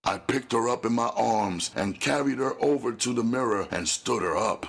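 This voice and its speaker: A man reading a gritty first-person novel aloud as an audiobook narrator, with a slow, menacing delivery. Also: mid-range voice, creaky, breathy edge.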